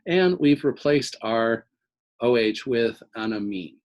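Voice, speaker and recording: A man's voice: medium pitch, lively intonation, takes it slowly, highs cut off. A man teaching organic chemistry in a recorded lecture, explaining step by step and often checking in with "okay?".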